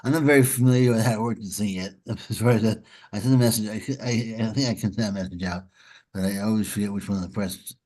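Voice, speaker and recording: A man leading a study group, talking in a halting way with many repeated words, then reading a story aloud. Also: fairly low pitch, steady tone, mellow.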